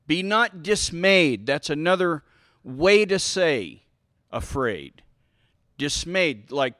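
Male preacher, high and bright, unhurried sermon, emphatic repeats, Q-and-A with the congregation. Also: no room sound, studio quality. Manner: asks the listeners questions and answers them himself; emphatic, repeats key phrases. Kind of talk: sermon with Bible reading.

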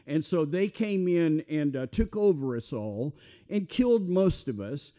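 A man's voice: on the high side, expressive, a little slow, warm tone. A man with a Southern US accent, preaching a sermon in a folksy, conversational way with asides. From Mississippi. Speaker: pastor.

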